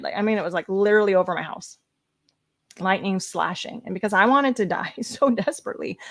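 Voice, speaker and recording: A woman speaking on a conference stage as a motivational speaker. She gives an emotional personal testimony and swings from hushed whispers to a raised voice. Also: mid-range voice, dry recording, clean studio sound.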